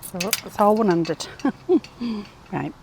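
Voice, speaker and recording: Speaking slowly in a medium-pitched, creaky, sing-song voice, a woman records a casual vlog on her hand-held phone around her allotment and home. She coos fondly at her chickens and pets. It's a noisy outdoor phone recording.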